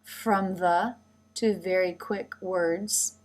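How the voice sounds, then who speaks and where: A woman's voice: fairly low pitch, fairly even intonation, drawn-out words. A woman narrating a pronunciation lesson, speaking carefully and demonstrating each sound. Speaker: pronunciation teacher. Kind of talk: scripted instructional narration.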